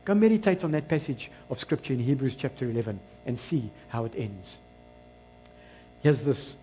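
A South African man preaching a sermon, swinging between loud exclamations and low, quiet asides, and dropping into Afrikaans phrases. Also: sing-song, normal speed, soft background music, low-quality recording. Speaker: pastor.

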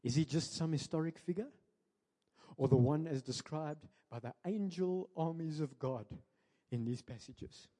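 A South African man preaching a sermon to his church, switching between English and Afrikaans and building to loud, emphatic peaks. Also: a little high, unhurried. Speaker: pastor. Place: church sanctuary. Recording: preacher in a large reverberant church hall.

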